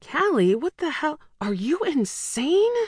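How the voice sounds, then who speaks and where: A woman voicing a blunt, fiercely loyal young woman friend in an audiobook, in a sharp, teasing and scolding manner. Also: mid-range voice, lively intonation, a little slow, no echo, clean studio sound, pitched above the performer's own voice, lightly acted. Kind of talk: audiobook dialogue.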